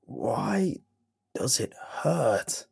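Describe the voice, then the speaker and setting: A man voicing a weak, half-formed flesh creature in a horror story, with a harsh, creaking, barking grind in a quiet whisper. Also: medium pitch, very animated, extremely slow, dry recording, studio quality, voice pushed up, heavily acted. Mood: whispering weakly.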